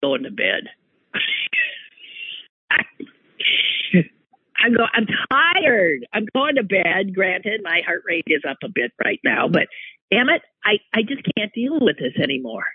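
A man telling a personal anecdote in an animated, exclaiming way, breaking off and restarting mid-sentence. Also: sits high, normal speed, husky, dry recording. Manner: animated, exclaiming, self-interrupting. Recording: tinny phone-like line, dry.

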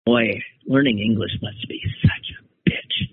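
A man's voice: lowish voice, fairly even intonation, a little slow, slightly rough, no room sound. A man hosting a casual solo monologue, rambling and wry, often trailing off and starting over. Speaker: podcast host. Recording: tinny phone-like dry sound.

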